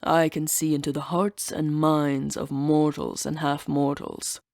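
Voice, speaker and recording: A woman voicing an ancient male winged ox-bodied monster guarding a temple, speaking slowly in a growling, solemn manner. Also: low-pitched, flat delivery, gravelly, darkish tone, no room sound, studio quality.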